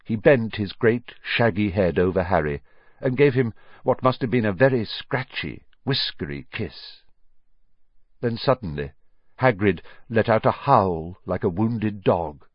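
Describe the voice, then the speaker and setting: A man narrating a storybook in an expressive, measured way. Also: lowish voice, dry recording. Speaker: audiobook narrator. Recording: slightly dull lo-fi audio.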